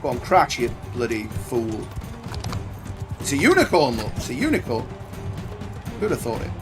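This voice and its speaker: A man talks through his game playthrough in a chatty, bantering way, ribbing the soldiers on screen. His delivery is lively and animated, jumping up and down in pitch. Game music plays behind him. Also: normal speed. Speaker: gaming channel host. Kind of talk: let's play commentary.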